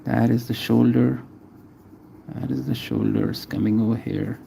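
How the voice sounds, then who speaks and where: Streaming a live drawing session, an artist casually names each stroke as he makes it and chats with viewers in between. His mid-range voice is gravelly and mellow, steady in tone and a little slow, with slight background noise.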